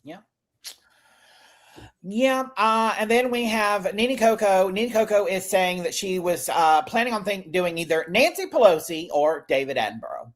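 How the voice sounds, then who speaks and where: A man's voice: high voice, lively intonation, normal speed, fairly bright tone. A man hosting a casual recap podcast, chatty, swearing casually and often laughing as he talks. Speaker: podcast host.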